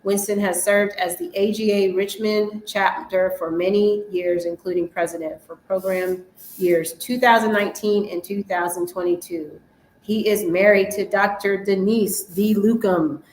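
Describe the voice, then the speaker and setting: A woman of middle pitch hosts a talk show with a lively, upbeat delivery. Her voice sounds roomy, with a faint hum of noise behind it. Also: a little slow. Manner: lively, laughs often. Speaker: show host.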